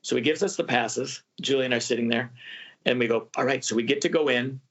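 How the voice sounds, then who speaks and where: Male travel podcast host, casual animated storyteller, muffled lo-fi recording. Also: mid-range voice, fast talker. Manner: animated, acts out quoted voices. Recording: muffled lo-fi audio.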